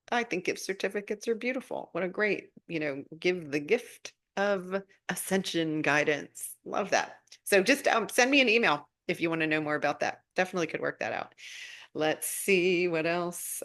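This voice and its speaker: A middle-aged woman hosting a spiritual live stream, chatting casually and answering viewer comments with gushing enthusiasm. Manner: warm, gushing, breaks into excited high-pitched asides. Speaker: spiritual guidance host.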